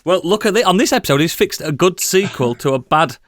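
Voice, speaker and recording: A tipsy man whose high voice bounces around in pitch. He tosses out rowdy, sweary jabs at his friends. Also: animated, quick pace, fairly bright tone, no echo, studio quality. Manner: rowdy, sweary, laughing banter. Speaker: player.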